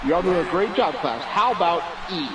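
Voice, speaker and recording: A man's voice: high voice, lively intonation, moderate pace, far from the mic, a crowd in the background, low-quality recording. A man putting on a sing-song schoolteacher. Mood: encouraging. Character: patient female schoolteacher quizzing her class.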